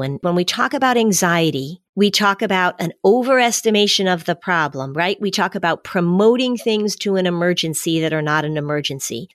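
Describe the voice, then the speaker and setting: A woman speaking as an expert guest on a podcast, giving measured advice and repeating key phrases to explain them. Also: lowish voice, no room sound, clean studio sound.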